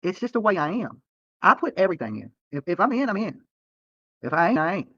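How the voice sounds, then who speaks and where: A man livestreams from a roadside near a protest, ranting to viewers in a profane, rambling, defensive way and often ending lines with "okay?". His voice is high and sing-song, his pace quick, his tone a bit bright. The recording is dry, with the highs cut off.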